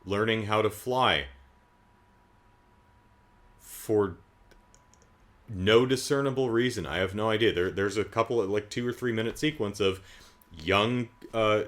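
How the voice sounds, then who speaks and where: A man with a medium-pitched, fairly bright voice reviews a movie by recapping it casually and comically. He sounds sarcastic and incredulous, rambling off into asides.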